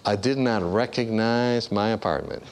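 A man's voice: normal speed, crowd noise. A man preaching a storytelling sermon, acting out the voices of the people in his stories. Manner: animated storyteller, acts out voices with big pitch jumps.

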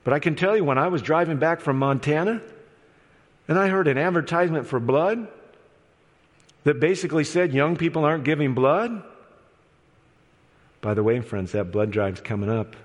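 A man preaching an evangelistic sermon in an auditorium, moving between loud storytelling and hushed appeals. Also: medium pitch, normal speed, pauses often. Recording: long hall reverb.

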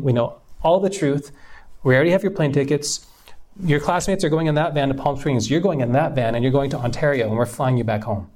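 A man's voice: fairly high pitch, fairly quick, darkish tone. A young man from California telling a personal story in a casual, earnest way, with plenty of fillers and restarts.

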